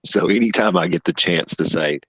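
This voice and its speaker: A man from the American South, a podcast co-host chatting casually, telling animated stories, swearing and laughing as he goes. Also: low voice, a little fast, slightly rough, low-quality recording. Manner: animated storyteller, swears freely, laughs often. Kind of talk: casual chat.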